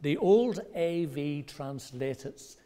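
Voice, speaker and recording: Male pastor preaching slow, mellow and dark voice, big pauses, gets louder doing the quotes. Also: lively intonation. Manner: measured preaching with dramatic pauses; rises in pitch and loudness when quoting voices. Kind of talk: sermon. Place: church.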